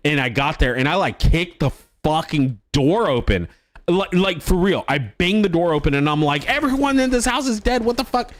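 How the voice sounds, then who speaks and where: A man's voice: a little high, fairly bright tone. A man streaming live, telling a personal story in a rambling, casual way with restarts and swearing.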